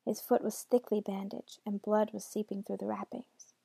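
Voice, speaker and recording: A woman reading a dark fairy tale aloud in a hushed, intimate way, often dropping close to a whisper. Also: mid-range voice, fairly even intonation, normal speed, gravelly, breathy edge, no room sound. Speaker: storyteller. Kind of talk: storybook reading.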